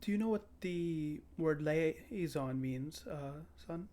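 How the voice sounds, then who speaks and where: A man voicing a polite, formal adult man who speaks gently to a child, with a slightly halting delivery. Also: on the high side. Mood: kindly.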